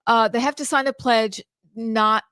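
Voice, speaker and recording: A woman's voice: on the high side, fairly even intonation, unhurried, sharp tone, no room sound, clean studio sound. A woman co-hosting a casual talk radio show, dropping wry, sarcastic quips. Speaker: radio co-host.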